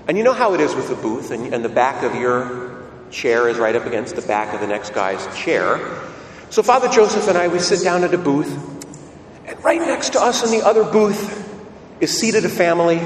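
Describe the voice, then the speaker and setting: A man preaching a sermon, telling a story in a lively way and asking his listeners questions. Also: mid-range voice, a little hiss or hum. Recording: echoey hall, mic at a distance, faint ambience.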